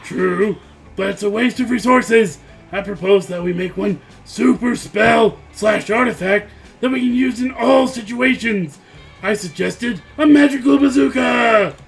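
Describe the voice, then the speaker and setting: Man playing a bossy witch girl with a military streak, brisk and pushy, high gravelly voice. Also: soft background music. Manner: brisk, self-assured, pushy.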